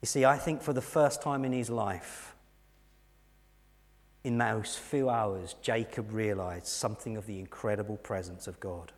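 Earnest English preacher in an echoing hall. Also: male voice, lowish voice, unhurried. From England. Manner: earnest storytelling, dropping to soft intensity. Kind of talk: sermon. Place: church hall. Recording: long hall reverb.

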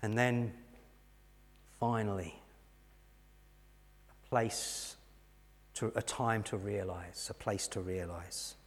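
A middle-aged English man preaching a sermon, telling a personal story earnestly and dropping to soft, intense moments. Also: lowish voice, slow pace, long pauses. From England. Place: church hall. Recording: long hall reverb.

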